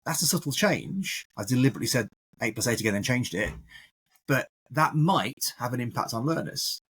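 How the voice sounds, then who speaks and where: A man's voice: mid-range voice, a little fast, breathy edge. A man, a maths educator, talking animatedly in a casual podcast discussion. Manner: animated, acts out classroom examples.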